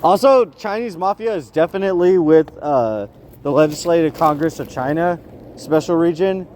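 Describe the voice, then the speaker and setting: A young man ranting in a rambling street vlog, agitated, swinging from loud outbursts to low muttering. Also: moderate pace, a little hiss or hum. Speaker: vlogger.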